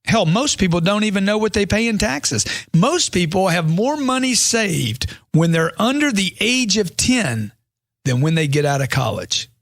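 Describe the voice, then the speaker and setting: A man's voice: high-pitched, big pitch swings, moderate pace, few pauses, fairly bright tone, no room sound, studio quality. A man reading a money self-help book aloud as scripted audiobook narration, in an emphatic motivational way that leans on rhetorical questions.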